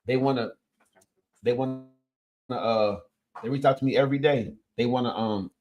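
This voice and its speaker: A man's voice: medium pitch, moderate pace, highs cut off. A man, a coach and host giving an emphatic, casual motivational talk. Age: 50s. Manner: energetic, emphatic, punchy interjections.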